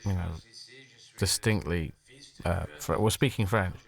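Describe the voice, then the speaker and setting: A man's voice: deep voice, a little slow, vocal fry. A man with an English accent talking reflectively in an interview, rambling and self-deprecating, restarting his thoughts. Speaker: comedian interviewee.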